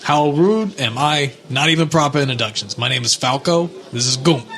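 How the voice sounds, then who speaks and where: A man's voice: mid-range voice, normal speed, music in the background, natural voice. A man playing a friendly adult shipbuilder who rambles and apologizes, with stammered restarts.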